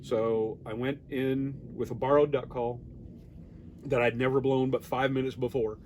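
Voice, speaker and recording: A man in his fifties with an American accent, telling a lively story in a casual interview and acting out the quoted exchanges. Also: mid-range voice, normal speed, a little hiss or hum. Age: 50s. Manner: animated storyteller, acts out quoted exchanges with laughs. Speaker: duck calling champion guest.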